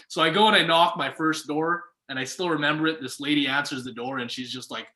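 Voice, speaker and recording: A young man telling a story in casual conversation, lively and acting out what people said. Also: fairly high pitch, fast talker, hardly any pauses. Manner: animated, acts out quoted voices. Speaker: guest. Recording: echoey room.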